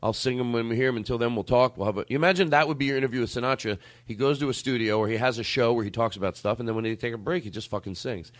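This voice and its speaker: A man's voice: mid-range voice, racing, hardly any pauses. A man hosting a loose comedy podcast, rambling and poking fun at himself, now and then breaking into crooning. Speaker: podcast host.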